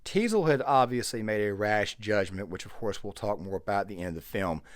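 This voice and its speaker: A very low-voiced man talks through a movie's plot in a relaxed commentary voiceover. He explains each scene in turn with a few fillers along the way. The recording is dry and close, with no room sound. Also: a little fast, no room sound. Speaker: YouTube film commentator. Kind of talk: casual film commentary voiceover.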